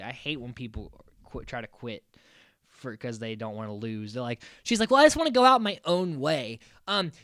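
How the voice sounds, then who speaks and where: A man talking through a reality show recap with a very lively, up-and-down voice. He sounds exasperated and swears casually. The recording is close and dry. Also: sits high, dry recording. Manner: animated, exasperated, swears freely. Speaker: podcast host.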